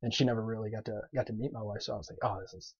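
A man, a podcast guest, telling stories in casual chat, animated, with lots of fillers and laughter in his lines. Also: lowish voice, racing. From grew up on a farm. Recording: dull lo-fi podcast audio.

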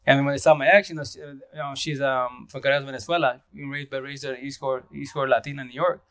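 Casual livestream host, male, rambling and slangy, quick delivery with frequent laughs. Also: medium pitch, steady tone, fairly bright tone, no echo. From Eastern Washington, USA. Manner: rambling, slangy, laughs often, greets viewers.

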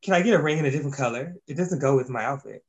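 A man's voice: mid-range voice, racing, muffled recording, natural voice. A man reading the fussy, gushing lines of a vain young fairy girl in a homemade story.

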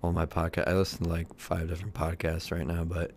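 A young man co-hosting a casual podcast, laid-back and quick to laugh and tease his friend. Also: low voice, monotone, darkish tone, a little hiss or hum. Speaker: podcast co-host. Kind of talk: casual chat.

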